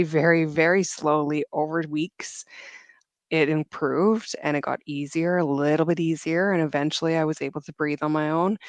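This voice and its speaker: A young woman giving an interview guest's emotional personal story, earnest and reflective, with halting restarts. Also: low voice, no echo.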